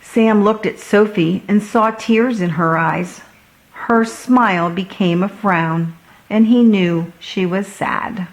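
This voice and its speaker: A woman reading a picture book to children, unhurried and gentle. Each line comes slowly and clearly, in a calm storytime voice. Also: mid-range voice, rough recording. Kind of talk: storybook read-aloud.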